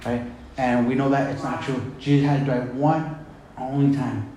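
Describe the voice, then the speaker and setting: A man's voice: medium pitch, steady tone, moderate pace, warm tone, slight background noise. A man preaching a sermon, retelling scripture in a conversational, emphatic way. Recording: very echoey hall.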